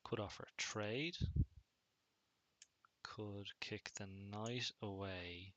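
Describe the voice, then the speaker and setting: Low-voiced man thinking aloud over chess. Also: slow, dry recording, lo-fi sound. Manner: thinks aloud while playing, relaxed and musing. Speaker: chess streamer. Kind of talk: casual chess commentary.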